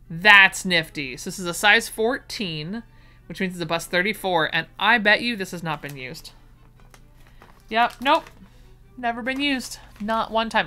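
A woman's voice: on the low side, bright, forceful tone, clean tone. A woman chatting enthusiastically while unboxing vintage sewing patterns, gushing over each find. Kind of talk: casual unboxing chat.

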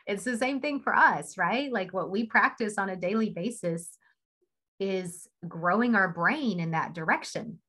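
A woman's voice: mid-range voice, animated, a little slow, sharp tone, poor audio. A woman speaking on a team video call, telling a story in a chatty way and laughing often. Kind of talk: casual motivational talk.

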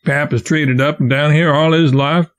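A man reading the part of a frightened young stowaway who pleads and spins quick tales. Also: a little high, steady tone, lightly acted. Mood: pleading. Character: scared young stowaway boy, quick with a lie.

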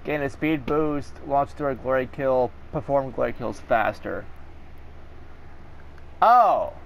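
A man's voice: mid-range voice, lively intonation, slow, vocal fry, a little hiss or hum. A man giving live gameplay commentary, swearing and ranting angrily at the game. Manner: profane, angry ranting at the game. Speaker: gaming video creator.

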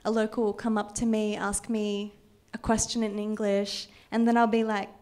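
A young woman whose first language is Vietnamese, giving a reflective personal talk at an art event, measured and dotted with ums. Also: medium pitch, flat delivery, darkish tone. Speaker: artist giving a public talk.

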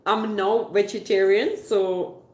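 A woman's voice: mid-range voice, steady tone, takes it slowly, roomy sound. A woman from Switzerland hosting a casual livestream, reading viewer comments and explaining at length with fillers and restarts. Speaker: livestream host reading chat. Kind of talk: casual live chat.

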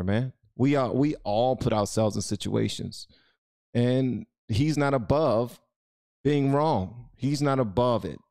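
A man's voice: mid-range voice, mellow, dry recording. Man, channel host, blunt commentary, lecturing tone, dry close recording. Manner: blunt, preachy, addresses viewers directly. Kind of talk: opinion commentary.

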